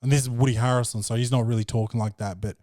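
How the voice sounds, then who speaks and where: A man's voice: medium pitch, fairly even intonation, rapid-fire, dark tone, dry recording, studio quality. A man hosting a podcast, recapping a film in a brash, profane and joking way. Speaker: podcast host. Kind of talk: casual film review chat.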